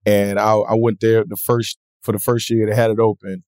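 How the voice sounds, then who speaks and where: A man being interviewed, telling stories in a relaxed, lively way and acting out other people's voices. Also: on the low side, normal speed, smooth, no echo, studio quality. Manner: animated, acts out voices in his stories. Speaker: comedian guest. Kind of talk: casual interview storytelling.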